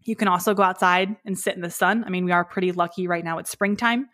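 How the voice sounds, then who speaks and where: A woman's voice: lowish voice, steady tone, fast talker, fairly bright tone. A young woman co-hosting a casual podcast chat, upbeat and jokey, laughing often. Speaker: podcast co-host.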